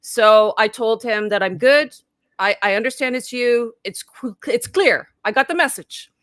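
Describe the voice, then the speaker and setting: Woman, 50s, life coach, bright tense voice, fairly high, chatty storytelling, video call. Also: measured pace, no room sound, studio quality. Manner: chatty, full of "like", acts out her own past thoughts in quotes. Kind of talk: casual live interview storytelling.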